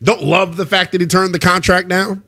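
A man's voice: high voice, steady tone, normal speed, bright, forceful tone, husky. A man hosting a sports talk radio show, emphatic and conversational. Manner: emphatic, conversational, calls people brother.

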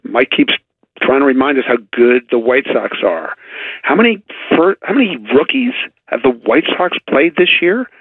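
Gravelly man on a phone line. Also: medium pitch, lively intonation, no echo. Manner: chatty, halting, sarcastic asides. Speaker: baseball writer guest. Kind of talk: casual radio sports chat. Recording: dry tinny phone line.

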